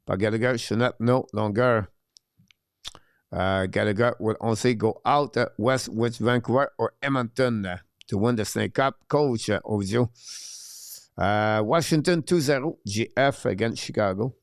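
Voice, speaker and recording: A man with a French accent, a native French speaker, hosting a live hockey watch-along show. He reads out viewer questions and answers them haltingly, with many filler sounds. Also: fairly low pitch, dry recording, clean studio sound.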